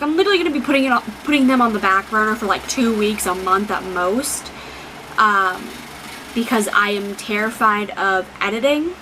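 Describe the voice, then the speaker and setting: A woman's voice: fairly high pitch, sharp tone, slight background noise, rough recording. A young woman vlogging casually, rambling with many fillers and free swearing. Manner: emotional, near tears. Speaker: book vlogger. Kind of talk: casual vlog talk.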